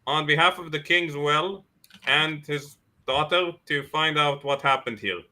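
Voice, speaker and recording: An earnest knight addresses the villagers in a formal, slightly halting manner, as a man plays him. His voice is very bright and sits a little high.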